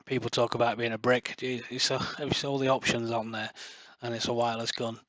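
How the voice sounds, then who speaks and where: A man's voice: mid-range voice, flat delivery, a little fast, fairly bright tone, no room sound. Passionate rambling man. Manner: passionate, boastful, rambling with many fillers. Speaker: light gun builder and video creator. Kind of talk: casual rambling talk to camera.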